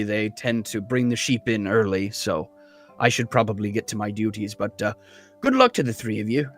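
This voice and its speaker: A man's voice: fairly low pitch, pitched below the performer's own voice, close to an everyday voice. A man voicing a rambling, easygoing male sheep worker who heads off to his duties.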